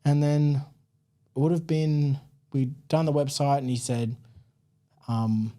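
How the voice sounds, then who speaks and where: An Australian man telling his story as a podcast guest, chatty and relaxed, with plenty of "like" and "man" in his talk. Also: fairly high pitch, slow pace. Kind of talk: casual interview storytelling.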